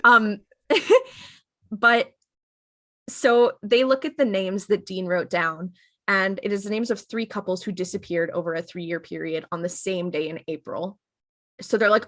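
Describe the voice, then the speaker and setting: A woman's voice: medium pitch, measured pace, a bit bright. A woman co-hosting a podcast, recapping a TV episode in casual, filler-heavy chat. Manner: chatty, filler-heavy, retells scenes with quoted lines. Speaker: podcast co-host.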